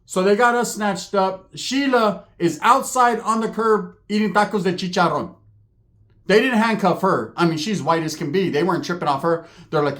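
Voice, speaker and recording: A man tells a rowdy comic story in a fast, slangy way. His speaking voice sits high. Now and then he breaks into squeaky put-on voices for the people in the story. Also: fairly bright tone. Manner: rapid slangy delivery, jumps into high squeaky character voices. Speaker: comedic storyteller. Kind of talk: profane comedic storytelling with put-on character voices.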